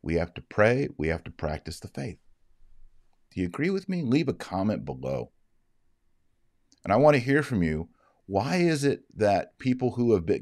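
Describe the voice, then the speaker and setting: A man's voice: on the low side, a little mellow, no echo, studio quality. A man giving earnest, moralizing commentary on a livestream, reading out viewer comments as he talks. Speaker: Catholic commentator.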